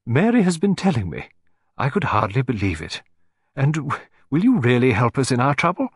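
A man voicing a gentle, frail elderly woman who speaks in a low, charming, pleading way. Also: sing-song, moderate pace, husky, no echo, clean studio sound.

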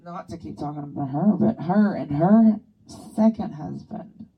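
A woman with a slightly low voice trades dry, wry comments on a podcast and swears now and then. She sits a little away from the mic. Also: moderate pace, breathy edge, far from the mic, phone-quality sound. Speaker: podcast co-host. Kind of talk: casual chat.

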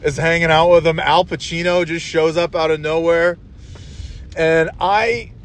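A man's voice: fairly high pitch, fairly even intonation, unhurried. A man in his forties hosting a casual solo monologue from inside a moving car, rambling, swearing and full of fillers. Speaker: podcast host. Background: faint vehicle hum.

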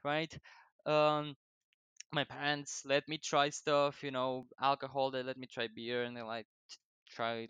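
A man's voice: mid-range voice, a bit bright, clear, resonant tone, dry recording. A young man with a non-native English accent telling rambling, profane stories about his life, often laughing and digressing. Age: young adult. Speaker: vlogger. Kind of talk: rambling casual storytelling.

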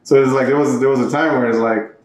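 A man's voice: mid-range voice, fairly even intonation, fast talker, reverberant, rough recording. A man who works as a bartender, telling a long story in casual chat with lots of restarts and fillers. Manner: rambling, many restarts and fillers. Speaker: bartender, podcast co-host.

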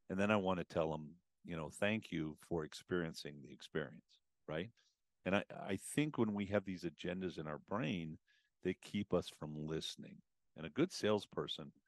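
Low-voiced guy chatting on a podcast, acts out little customer talks, dry close sound. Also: dry recording. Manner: animated, acts out customer and advisor exchanges. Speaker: automotive business consultant guest. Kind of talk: conversational podcast advice.

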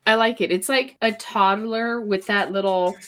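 A woman's voice: medium pitch, fairly even intonation, moderate pace, a bit bright. A young woman co-hosting a podcast with her mother, joking, swearing casually and laughing a lot. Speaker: podcast co-host, daughter. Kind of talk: casual chat.

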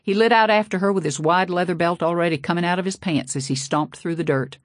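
Low-voiced woman, folksy narration. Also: fast talker, dry recording, clean studio sound. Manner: folksy, sassy first-person storytelling. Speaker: audiobook narrator. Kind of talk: scripted narration.

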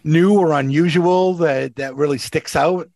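A man who is a regular on a podcast, chatting in an eager, jokey and slightly halting way. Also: on the high side, creaky, a little mellow, no echo. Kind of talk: casual political chat.

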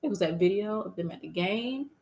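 A woman co-hosting a casual podcast, telling stories in an animated, dramatic way with lots of cursing. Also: mid-range voice, fairly quick, vocal fry. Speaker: podcast co-host. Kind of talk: casual chat.

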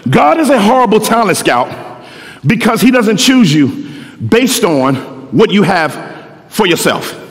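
Animated slangy preacher. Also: male voice, high voice, a little slow. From Philadelphia. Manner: slangy, animated, repeats words. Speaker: pastor. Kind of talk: sermon. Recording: echoey hall.

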